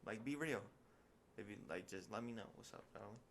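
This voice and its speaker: A man's voice: on the low side, a little fast, a little hiss or hum. A young man co-hosting a podcast in casual chat, telling stories with animation and acting out quotes with big jumps in his voice. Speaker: podcast co-host.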